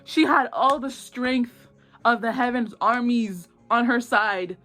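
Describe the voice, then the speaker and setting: A young woman casually retelling a drama plot in slangy, excitable talk, acting out lines in quick voices. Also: on the high side, soft background music. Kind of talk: casual animated storytelling.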